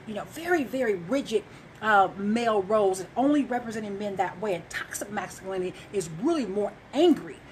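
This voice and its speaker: A woman's voice: medium pitch, slight background noise, poor audio. A woman talking earnestly to viewers about relationships, emphatic and loose, with frequent fillers. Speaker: relationship speaker. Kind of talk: casual monologue to viewers.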